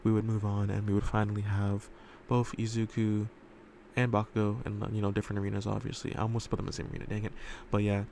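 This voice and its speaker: Rambling gravelly-voiced guy. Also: fairly low pitch, monotone, fast talker, a little mellow, slight background noise. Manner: rambling, filler-heavy, casual swearing. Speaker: fan-fiction storyteller. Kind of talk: casual storytelling commentary. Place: room indoors at home.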